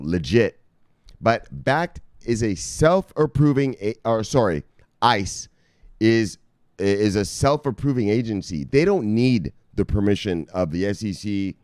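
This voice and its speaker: A man hosting a casual crypto vlog, talking loosely and with profanity, shouting "bang" as a catchphrase. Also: on the low side, dry recording, clean studio sound. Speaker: crypto news host. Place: home studio in South Beach.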